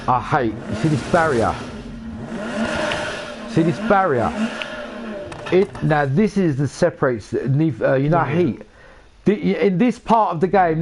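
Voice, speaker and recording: A young man talks his viewers through a racing game. He swears freely and gets heated when things go wrong. His voice sits a little high. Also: background noise. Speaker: live-streaming gamer. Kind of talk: casual gameplay commentary.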